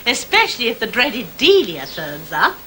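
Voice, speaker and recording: A woman's voice: a little high, wildly swooping pitch, moderate pace, pushed and bright, exaggerated voice. An actress playing a wry, teasing British woman diplomat with a gossipy streak in a 1980s TV sitcom. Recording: noisy old TV recording.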